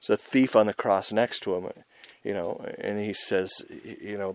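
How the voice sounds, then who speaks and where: A man delivers an informal sermon in a somewhat low voice, intense and conversational, swelling louder when he stresses a point and dropping low in between. The recording is dry and close, with no room sound. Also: fairly even intonation, normal speed, no room sound. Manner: intense and conversational, rising loud on emphasis, frequent "right?" and "man". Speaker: preacher and show host.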